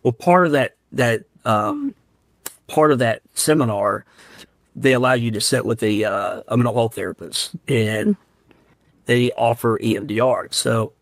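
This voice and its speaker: A man's voice: mid-range voice, a little slow, creaky, dry recording. A firefighter and paramedic from Central Ohio, a man, earnestly telling a personal story as a podcast guest. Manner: earnest and heartfelt, emotional while recounting. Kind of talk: candid interview storytelling.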